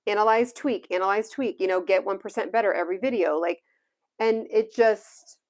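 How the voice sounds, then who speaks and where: A woman's voice: medium pitch, normal speed. A young woman with a Californian Valley girl accent, chatting casually on a livestream and saying "like" constantly. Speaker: YouTuber livestreaming to viewers.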